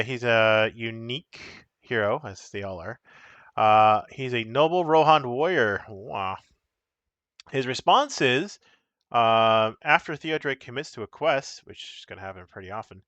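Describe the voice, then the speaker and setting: On a live stream, a man casually chats while showing and explaining the cards of a solo card game, rambling and correcting himself along the way. His mid-range voice is bright and forceful, with no room sound and the high frequencies cut off.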